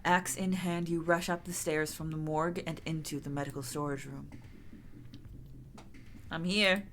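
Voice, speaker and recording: A woman streamer narrates a story game aloud in a bright, forceful voice that sits fairly low. She reads with drama and breaks into lively chat with sudden loud exclamations. A faint hiss of room noise sits under her voice. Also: normal speed. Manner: animated, bursts of loud exclamations and laughter. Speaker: streamer reading a visual novel aloud.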